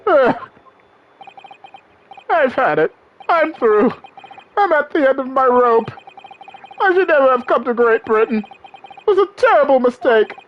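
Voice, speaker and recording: An excitable young Japanese scholar, put on by a woman reading a game aloud, squeals and stammers in a piercing, very high voice. Every line swings wildly in pitch and comes out as a melodramatic wail. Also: a little slow, pauses often, highs cut off. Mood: despairing. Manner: shrieking, stammering, melodramatic wails. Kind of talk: video game let's play voice acting.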